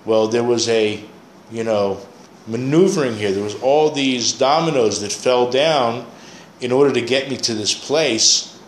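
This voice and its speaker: A man's voice: medium pitch, measured pace. Man, bible class teacher, explains hebrew words, restarts mid-thought, roomy echo, faint hum behind. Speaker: Torah teacher. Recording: echoey room, faint ambience.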